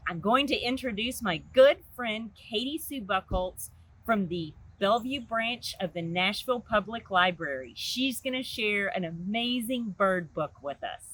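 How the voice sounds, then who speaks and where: A woman host giving a friendly, steady, scripted welcome before she introduces a guest. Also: medium pitch, unhurried, slightly rough. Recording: faint background noise.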